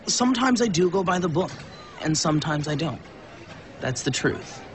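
A man's voice: a little high, big pitch swings, normal speed. An actor playing a young man who speaks earnestly about himself, in a clip played from a TV series. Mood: candid. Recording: TV clip with background noise.

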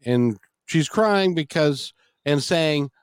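Man in his 60s, rambling storyteller, slightly high voice, dry close sound. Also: expressive, slow, smooth, no echo. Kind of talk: casual conversation, storytelling.

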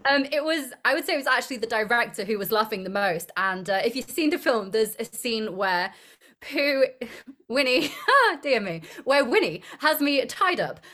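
Young actress giggling thru a casual interview, kinda high voice, rambles a lot. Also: female voice, lively intonation, moderate pace, pushed and bright. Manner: giggly, rambling, self-deprecating.

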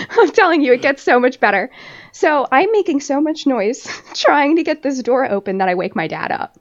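A woman podcast host tells a story in casual chat, laughing often and swearing freely as she rambles through fillers. Her voice sits a little high and comes through dull, lo-fi audio. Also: lively intonation, measured pace, pauses often. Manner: laughs often while telling.

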